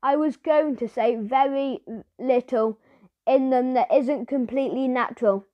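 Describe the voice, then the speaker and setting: A woman doing a prim factory tour guide who speaks in a high, bright voice, polite but stern and precise. The reading is dry and close, with no room sound. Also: unhurried, no echo, highs cut off. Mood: formal.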